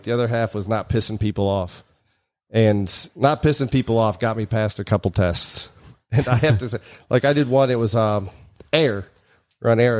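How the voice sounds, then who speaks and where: A man and former army bomb technician casually telling stories, acting out the people he quotes. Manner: animated, acts out quoted voices with big pitch jumps. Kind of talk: casual storytelling chat.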